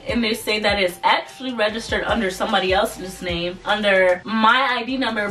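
Young woman, casual storytime vlog, animated, laughs a lot, distant mic, faint background music. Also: medium pitch. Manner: animated, chatty, laughs often. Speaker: vlogger.

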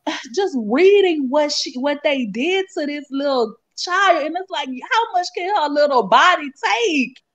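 High-voiced blunt woman on a dull stream. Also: animated, measured pace, a bit bright. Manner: blunt, profane, emotional. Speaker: livestream panelist. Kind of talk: casual heated chat.

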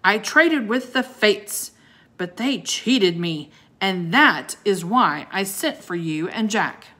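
Woman doing a gruff old ice wizard, bellowing, growling, commanding, storybook. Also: medium pitch, animated, slow pace, sharp tone, heavily acted.

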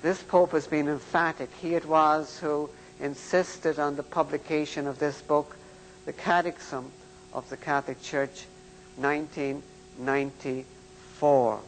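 An older man preaching in a slow, emphatic, deliberate way. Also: fairly high pitch, level tone, in a large hall, slight background noise, rough recording. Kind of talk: sermon-style lecture.

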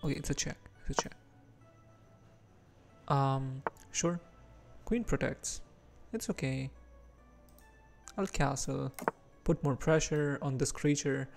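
A man's voice: mid-range voice, slow, vocal fry, long pauses, soft background music. A man from India with an Indian English accent mixed with American and British touches, chatting casually while streaming chess and reacting to his moves.

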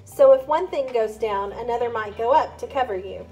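A woman's voice: fairly high pitch, normal speed, a little mellow, lightly acted. A woman reading the part of an adult man who patiently explains investments and apologizes. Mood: explaining.

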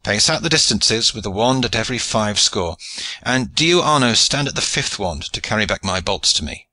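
A man's voice: lowish voice, expressive, moderate pace, pushed and bright, dry recording. A man voicing a proud, mocking crossbowman in an audiobook reading.

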